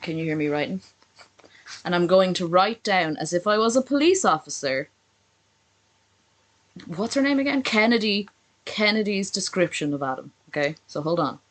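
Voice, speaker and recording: A woman's voice: on the low side, big pitch swings, moderate pace, pauses often, low-quality recording. A woman streamer reacting live to a video, sarcastic and swearing constantly in casual commentary.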